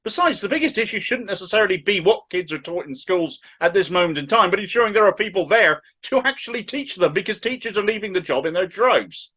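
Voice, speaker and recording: Middle-aged Cornish man, thick accent, pitched a bit high; opinionated video commentator with mocking, sarcastic asides. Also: lively intonation, fast, hardly any pauses, bright, forceful tone, breathy edge. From Cornwall. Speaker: political commentator. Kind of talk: opinionated political commentary to camera.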